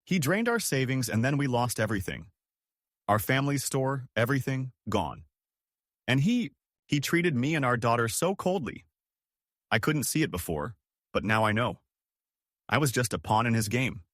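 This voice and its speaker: A man's voice: medium pitch, lively intonation, moderate pace, pauses often, no echo, clean studio sound, lightly acted. A man voicing a remorseful ex-wife who pleads in a trembling voice. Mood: pleading. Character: tearful remorseful ex-wife, adult woman.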